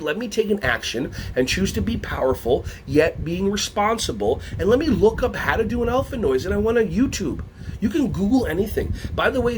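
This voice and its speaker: A man from the United States leading a lively workshop for early childhood educators, playful and energetic. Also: fairly high pitch, a little hiss or hum. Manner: animated, playful, breaks into songs and silly voices.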